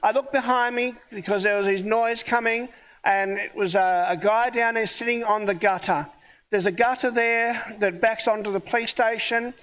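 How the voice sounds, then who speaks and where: A man's voice: sits high, steady tone, normal speed, a bit bright, clean tone. A man who is a pastor, preaching a sermon in a conversational storytelling way and acting out the dialogue of his story. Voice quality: hard of hearing.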